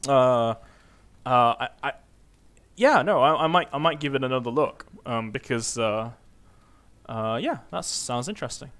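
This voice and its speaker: A man's voice: mid-range voice, expressive, measured pace, long pauses, a bit bright. A man streaming a computer role-playing game, giving rambling, self-mocking casual commentary full of fillers.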